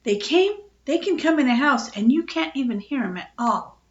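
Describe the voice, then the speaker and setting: A woman voicing an eager young boy who makes excuses, with a raised, bright voice. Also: high voice, animated, moderate pace, echoey room, muffled recording, pitched above the performer's own voice.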